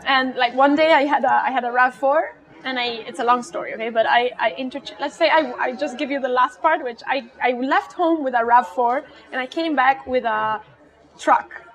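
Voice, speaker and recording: High-voiced woman telling lively stories. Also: normal speed. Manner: lively, laughing, acts out quotes. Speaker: interview guest, rally driver. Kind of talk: animated storytelling in conversation.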